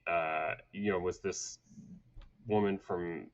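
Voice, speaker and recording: A man who grew up in Atlanta, a guest on a podcast, telling stories about his life in a relaxed, conversational way and laughing often. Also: low-pitched, takes it slowly, dull audio. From United States (grew up in Atlanta). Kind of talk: casual conversational storytelling.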